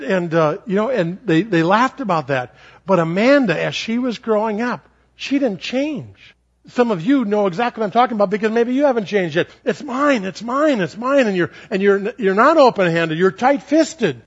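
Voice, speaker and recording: A male pastor tells stories during a sermon in a fairly high voice. He is animated and repeats words for effect. The recording sounds dull and lo-fi. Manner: animated, repetitive. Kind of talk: sermon storytelling.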